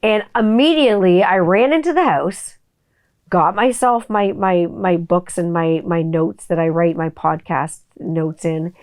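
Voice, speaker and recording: A middle-aged woman hosting a casual solo podcast, chatty and profane, often breaking into high kid voices for quotes. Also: measured pace, a little mellow. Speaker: podcast host.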